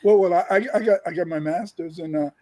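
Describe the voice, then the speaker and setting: Man co-host, high voice, emphatic, loops back on his words. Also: quick pace, warm tone, poor audio. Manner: emphatic, rambling, repeats himself. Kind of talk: casual opinionated talk.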